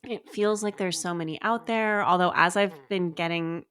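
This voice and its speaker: A woman's voice: fairly low pitch, moderate pace, fairly bright tone, smooth. A woman co-hosting a podcast, chatting casually and rambling through her thoughts with lots of filler words. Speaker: podcast co-host. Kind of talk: casual chat.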